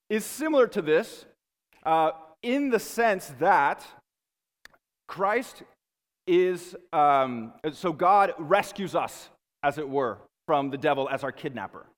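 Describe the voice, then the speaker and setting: A man gives a lecture to a room of students, lively and chatty, often stopping to check in with the class. His voice sits a little high for a man. The long reverb of a big hall hangs after his words.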